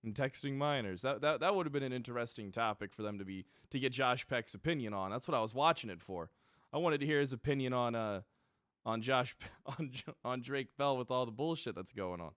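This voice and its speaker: A man's voice: medium pitch, fairly quick, a bit bright, no echo, clean studio sound. A young man streaming a police role-play game, chatting casually to his viewers and rambling with plenty of swearing and laughter. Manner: rambling, profane, laughs often.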